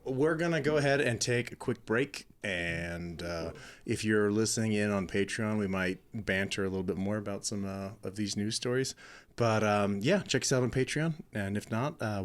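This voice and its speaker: A man's voice: lowish voice, moderate pace. A man co-hosting a podcast in casual chat, laid-back, chuckling often, with a lot of ums. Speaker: podcast co-host.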